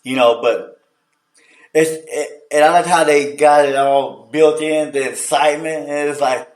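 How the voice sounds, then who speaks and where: A man hosting a casual sports chat show, telling stories in an animated, slangy way. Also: a little high, a little slow. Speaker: host. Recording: echoey room, distant mic.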